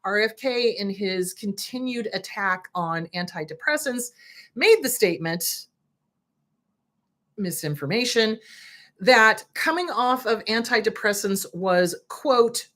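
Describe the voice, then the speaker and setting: A woman host talks straight to her listeners in blunt, indignant commentary, her pitch rising and falling in lively swings. Her voice sits at an ordinary middle height, and she does not shy away from swearing. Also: slow pace. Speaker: host, therapist. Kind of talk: direct-to-camera commentary.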